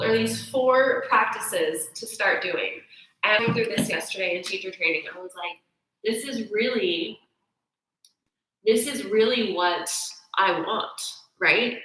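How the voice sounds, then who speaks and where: Chatty woman yoga teacher, echoey room. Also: mid-range voice. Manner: chatty, animated, acts out inner thoughts. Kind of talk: casual teaching talk.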